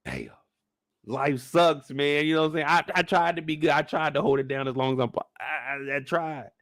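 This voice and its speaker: A man hosting a casual, joking recap of a TV episode, animated and profane. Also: on the high side, moderate pace, no room sound, clean studio sound. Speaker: YouTube show recap host. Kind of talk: casual comedic commentary.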